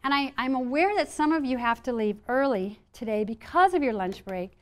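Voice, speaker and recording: A woman speaker giving a live presentation on stress resilience to a room of listeners, playful and lively, acting out inner voices. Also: high voice, moderate pace.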